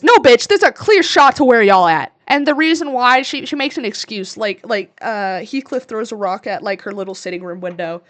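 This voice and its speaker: A woman's voice: on the high side, expressive, normal speed, hardly any pauses, a bit bright. A young woman in her twenties co-hosting a podcast, recapping a movie in a crude, sarcastic rant full of swearing. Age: 20s. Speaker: podcast co-host. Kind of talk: casual ranting movie recap.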